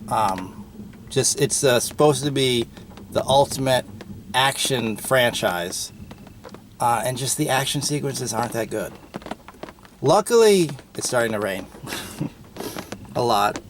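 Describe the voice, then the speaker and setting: A man's voice: mid-range voice, lively intonation, takes it slowly, pauses often, a little hiss or hum. Chatty male podcast host reviewing a film. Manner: opinionated, chatty, frequent ums and uhs. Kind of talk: casual movie review monologue.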